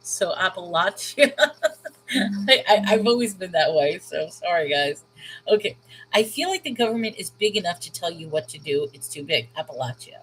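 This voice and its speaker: Hosting her channel in a laid-back chat, this woman speaks at a normal pace with a fairly low, expressive voice. Her talk wanders, she breaks off mid-thought, and laughter comes often. The low-quality recording carries a little hiss or hum.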